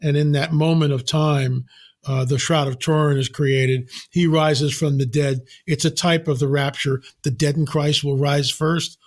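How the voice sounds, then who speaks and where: An older man speaking as a podcast guest, telling stories in an emphatic, animated way with sudden exclamations. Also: fairly high pitch, a little slow. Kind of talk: casual podcast conversation.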